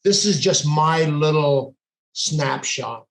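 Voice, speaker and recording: A police sergeant speaks slowly on a podcast in a slightly high, gravelly voice with a touch of brightness. He tells a casual story intensely, acting out what people said, and the room echoes.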